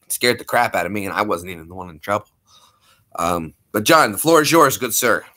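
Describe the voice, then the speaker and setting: A man's voice: lowish voice, lively intonation, fairly quick, sharp tone. A young man, a streamer, chatting casually with viewers and thanking them effusively. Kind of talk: casual livestream chat.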